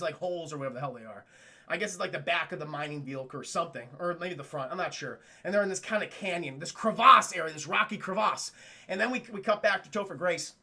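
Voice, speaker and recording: A high, bright-voiced man tearing through a film recap for his live chat. He is excitable and profane, laughs often, and slips into the characters' lines. A gravelly fry runs under his speech. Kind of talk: animated spoiler recap with quoted character voices.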